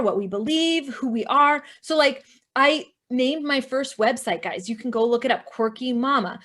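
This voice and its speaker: High-voiced earnest woman, animated. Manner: earnest, emotional, chatty with many restarts; animated, addresses listeners directly. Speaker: podcast guest, online entrepreneur. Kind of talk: casual interview chat.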